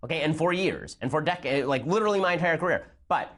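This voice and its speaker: A man hosting a political commentary show, talking in a fast, sarcastic, combative monologue. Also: fairly high pitch, lively intonation, fairly bright tone. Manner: rapid-fire, sarcastic, combative.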